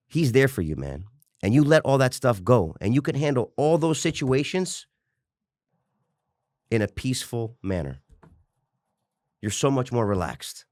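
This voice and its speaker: A man's voice: medium pitch, darkish tone, no echo, clean studio sound. A man in his forties, a fitness coach, telling his story as an interview guest in a passionate, rambling way, with restarts and swearing. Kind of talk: candid personal storytelling.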